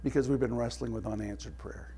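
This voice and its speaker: Speaking fast in a husky, medium-pitched voice with fairly even intonation, a middle-aged male pastor delivers a sermon. Family anecdotes draw laughs from him, and he drops to a hushed tone for the prayer.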